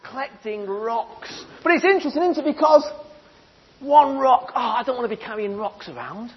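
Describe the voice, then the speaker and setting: High-voiced playful storyteller man. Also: sing-song, moderate pace, breathy edge. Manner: playful, theatrical, asks the audience questions. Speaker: storyteller speaking to children. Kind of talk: animated storytelling talk. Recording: dull lo-fi sound.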